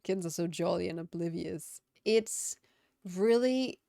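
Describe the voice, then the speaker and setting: Gravelly-voiced woman streamer chatting. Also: lowish voice, a little slow, mellow, no echo, studio quality. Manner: chatty, reflective, laughs often. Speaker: game streamer. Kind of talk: casual live-stream chat.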